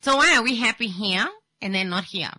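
A woman with a Namibian English accent hosting a casual radio talk show, animated and teasing. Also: medium pitch, a little fast, no echo. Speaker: radio host.

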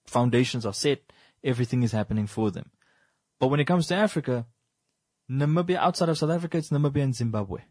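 A man's voice: medium pitch, darkish tone, dry recording. Male co-host, emphatic and insistent in casual talk, dry close mic. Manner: emphatic, repeats points for stress. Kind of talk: casual discussion.

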